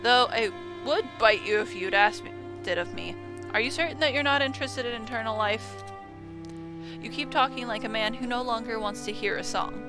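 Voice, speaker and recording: Brooding male vampire, weary and teasing, voiced by a woman, fairly high, faint music. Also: normal speed, natural voice.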